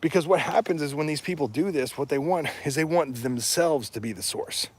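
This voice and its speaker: A man's voice: fairly high pitch, brisk. A man in casual talk, speaking bluntly and emphatically, often rising into indignant rhetorical questions. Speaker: podcast guest or host discussing heathen religion.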